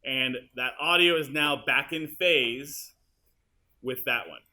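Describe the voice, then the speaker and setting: A male teacher walking students through an editing demonstration in a high school classroom, casual and chatty as he works. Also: slow, bright, forceful tone. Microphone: room mic, uneven audio quality.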